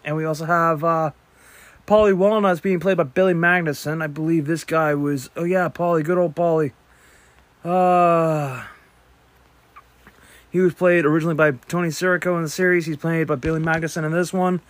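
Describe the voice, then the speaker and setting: A man's voice: a little high, steady tone, normal speed. Chatty man reviewing a movie. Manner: rambling, chatty, with self-corrections and restarts. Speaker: podcast host. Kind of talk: casual spoken movie review. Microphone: podcast microphone.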